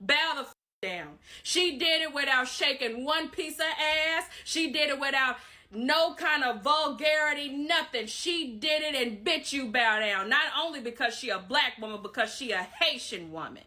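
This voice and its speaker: A woman's voice: high voice, animated, moderate pace, bright, forceful tone. A woman, delivering a blunt, profane, scolding online rant.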